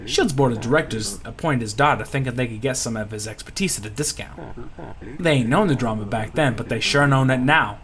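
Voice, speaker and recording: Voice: mid-range voice, a little fast, background noise, natural voice. A player putting on a drawling fugitive oil pirate. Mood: gossipy. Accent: put-on Louisiana drawl. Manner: folksy, drawling, plainspoken. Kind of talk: reading game dialogue aloud.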